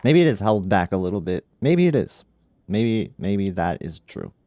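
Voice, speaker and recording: A man's voice: lowish voice, big pitch swings, moderate pace, warm tone, no echo. A man hosting a casual tech livestream, laid-back and laughing often, with lots of "like" in his talk. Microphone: studio microphone.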